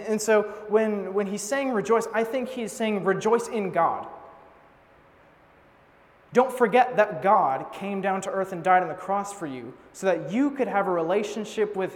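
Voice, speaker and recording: High-voiced young man preaching in a hall. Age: young adult. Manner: casual, joking, animated storytelling. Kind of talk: sermon. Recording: long hall reverb.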